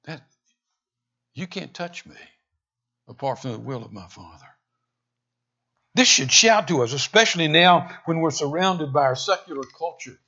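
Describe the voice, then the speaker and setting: A man preaches a sermon in a bright, husky voice, his pitch leaping about with animated emphasis. He swings from loud, pressing lines to hushed, intense ones. The recording sounds dull and muffled. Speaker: pastor.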